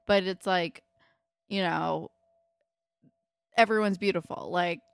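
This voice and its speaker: Smooth-voiced woman in casual chat. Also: fairly low pitch, fairly even intonation, takes it slowly, dry recording, studio quality. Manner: candid and sweary, lots of "like". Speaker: podcast co-host. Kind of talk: casual chat recapping a TV episode.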